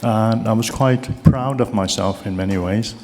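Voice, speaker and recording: A man's voice: lowish voice, a little slow, a little mellow, slight background noise. An older man with a Brummie accent giving a keynote speech, telling stories and joking with the crowd. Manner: chatty storytelling, joking with the crowd. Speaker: keynote speaker. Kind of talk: anecdotal speech. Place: large awards event hall. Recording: long reverb of a large hall.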